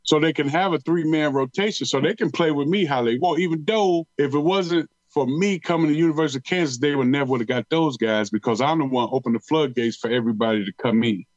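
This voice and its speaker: Middle-aged man, ex-football player, animated and slangy, higher voice, muffled dry recording. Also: fast talker, few pauses, dry recording. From Detroit. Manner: animated storyteller, drawls and repeats words, slangy. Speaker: retired pro football player, guest. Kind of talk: casual storytelling interview.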